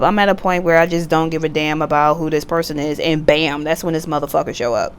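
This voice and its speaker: A woman's voice: low voice, a little fast, vocal fry. A woman giving a casual tarot reading at home, chatty and blunt, swearing freely and laughing often. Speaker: tarot reader. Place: at home, sitting back in a computer chair.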